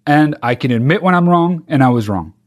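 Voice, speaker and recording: A man hosts a casual comedy podcast, his pitch swinging widely as he rants. He swears freely and reads the article in a mocking, sarcastic tone. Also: lively intonation, a little fast. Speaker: podcast host.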